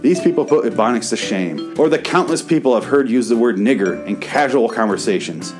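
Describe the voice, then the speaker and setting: Midwest-raised male comedy host, mid-pitched, sarcastic and foul-mouthed rant, faint music under him. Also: animated, brisk. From American Midwest. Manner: sarcastic, profane, bitter ranting. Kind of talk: reading his own writing aloud, then improvised rant.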